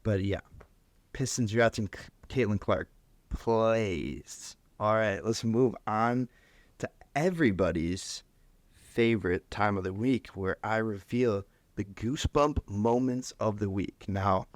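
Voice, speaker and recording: A man's voice: fairly low pitch, unhurried, no room sound. A man hosting a solo sports podcast, joking and rambling through topics with a self-mocking tone. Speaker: podcast host.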